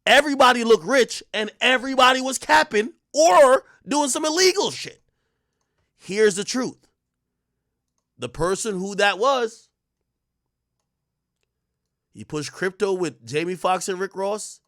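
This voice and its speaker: A man in his thirties hosts his stream and tells a story in casual, profane street slang. His voice sits high and swings widely in pitch, jumping from loud outbursts to low mutters. The sound is dry and close to the mic. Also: measured pace, long pauses, no room sound. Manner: animated, swings between loud bursts and muttered asides. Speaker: streamer host.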